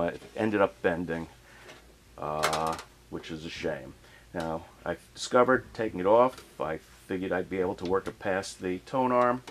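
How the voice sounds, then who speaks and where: A man casually narrating a hands-on turntable repair in a relaxed, plainspoken way while he works in a home workshop. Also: low voice, a little hiss or hum. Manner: relaxed, plainspoken, working as he talks. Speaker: hobbyist restoring a turntable.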